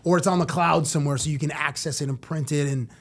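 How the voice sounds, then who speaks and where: A middle-aged man from Canada, a sports TV personality, telling lively stories as a guest in a casual interview and acting out what people said. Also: on the high side, fast. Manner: animated storyteller who acts out quotes.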